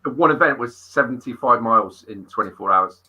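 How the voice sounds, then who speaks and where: Man, middle-aged, fitness coach, animated storyteller, swears a lot, forceful, husky. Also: mid-range voice, a little fast, muffled recording. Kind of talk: casual interview storytelling.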